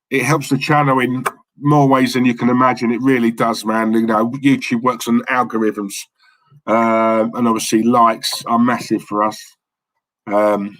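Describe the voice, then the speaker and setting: Casual male livestream host, cheeky banter, mid pitch, dry close mic. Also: level tone, measured pace, fairly bright tone, no room sound, low-quality recording. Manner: chatty and cheeky, many fillers and repeated words. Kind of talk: casual chat reading live comments.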